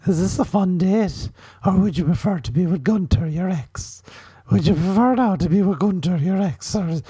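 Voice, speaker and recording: A man putting on a high-pitched, nagging middle-aged Irish aunt with a heavy sing-song brogue, peppered with "sure" and "now". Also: normal speed, mellow, breathy edge, no room sound. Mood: mock-earnest. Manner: exaggerated comic nagging with "sure" and "now" fillers. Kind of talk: comedy podcast bit.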